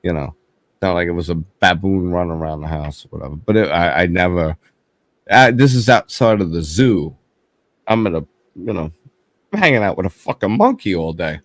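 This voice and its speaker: A man's voice: sits low, expressive, moderate pace, no echo. A man hosting a casual group chat, telling rambling stories full of profanity. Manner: crude, profane, rambling storyteller. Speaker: host.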